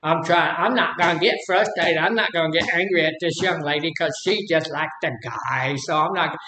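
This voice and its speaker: This older man's slightly high, bright, forceful voice moves at a moderate pace as he teaches about anger through folksy, meandering stories. He performs the quoted lines, and the room around him echoes.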